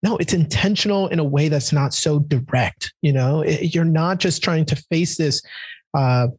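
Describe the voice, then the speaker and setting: A man's voice: a little high, moderate pace, husky, no room sound. A man hosting a podcast, reflective and self-deprecating, often answering with short affirmations. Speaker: podcast host. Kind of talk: conversational interview.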